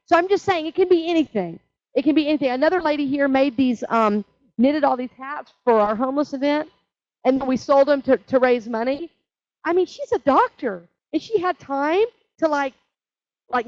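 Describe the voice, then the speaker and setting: A woman's voice: high voice, darkish tone, no echo. A woman leading a church class in a chatty, conversational teaching style, often checking in with "right?". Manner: chatty, with frequent "right?" asides. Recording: dull lo-fi dry recording.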